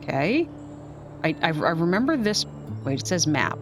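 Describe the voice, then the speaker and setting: A woman streamer commentating as she plays a video game, thinking out loud with playful asides. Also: low-pitched, sing-song, moderate pace. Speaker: gaming streamer. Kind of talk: let's play commentary. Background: game music.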